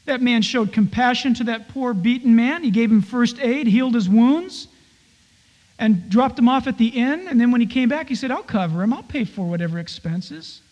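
A man with a strikingly high-pitched voice delivers a sermon as a pastor. He talks in a conversational, easygoing way, now and then acting out little scenes. His voice rings out with a long reverb, as if in a large hall. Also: normal speed, darkish tone, dull audio. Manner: conversational preaching with playful acted-out asides.

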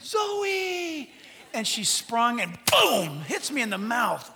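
A middle-aged man preaching a sermon as pastor, animated, swinging from loud peaks to hushed asides. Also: high-pitched, unhurried, creaky.

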